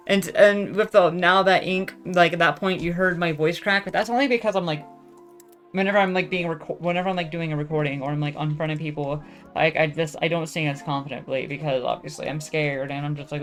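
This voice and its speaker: A woman's voice: sits low, fairly even intonation, brisk, faint music behind. A young woman chatting casually on her vlog, rambling, self-deprecating and swearing freely with lots of fillers. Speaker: vlogger.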